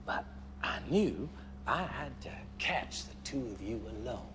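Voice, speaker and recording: A drawling, mocking schemer in a TV drama. His pitch rises and falls widely, from a hushed threat to sudden brightness. A steady hum runs under the clip audio. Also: measured pace. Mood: menacing. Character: scheming older male ex-scholar, menacing, folksy. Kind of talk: TV drama acting.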